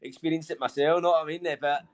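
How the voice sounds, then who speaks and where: Quick, casual host. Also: male voice, a little high, fairly even intonation. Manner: casual, agreeable, frequent "aye" interjections. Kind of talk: casual chat on a live show.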